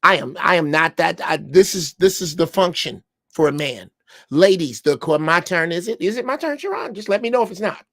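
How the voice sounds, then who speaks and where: A man's voice: sits high, lively intonation, fairly quick, a bit bright, no echo. A man in his sixties from Chicago, telling a story on a podcast in a blunt, profane way. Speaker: podcast panelist. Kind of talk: casual chat.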